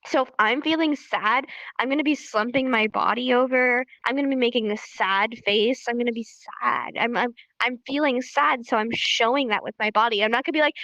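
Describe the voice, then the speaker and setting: A young woman teaching sign language on a live stream, chatty and animated, repeating herself for emphasis. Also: high voice, fairly quick, no room sound, muffled recording.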